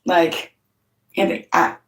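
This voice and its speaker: A middle-aged woman who hosts the channel tells a story to camera very slowly, recorded from a distance. She's blunt, swears heavily, and quotes other people's voices in this casual monologue. The sound is roomy and off-mic.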